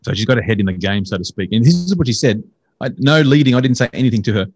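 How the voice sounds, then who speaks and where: An Australian man telling a personal faith story in a casual, earnest and excitable way. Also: rapid-fire, slightly rough, no room sound, low-quality recording. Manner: earnest, excitable, jumps into high voices for quotes.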